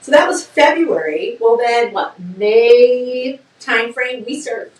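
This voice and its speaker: A middle-aged woman, a business co-founder, telling a story in a casual interview with lively laughter. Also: fairly high pitch, slow, recorded from a distance. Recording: roomy sound from off-mic.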